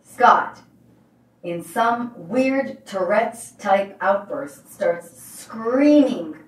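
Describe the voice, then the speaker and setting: Brief: expressive woman motivational coach, story-driven delivery, recorded from a distance in a roomy space. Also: mid-range voice, drawn-out words. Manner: emphatic, animated storyteller. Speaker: life coach.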